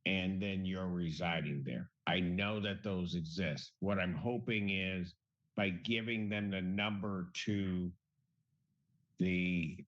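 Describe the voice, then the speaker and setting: Low-voiced male judge in court. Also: steady tone, slow. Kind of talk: courtroom hearing. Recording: dull lo-fi courtroom audio.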